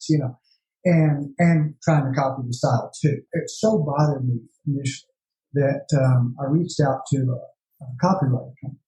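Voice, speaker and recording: Mellow male guest in a roomy space. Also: mid-range voice, moderate pace. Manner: hesitant restarts, relaxed storytelling. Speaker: guest artist. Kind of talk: casual interview chat.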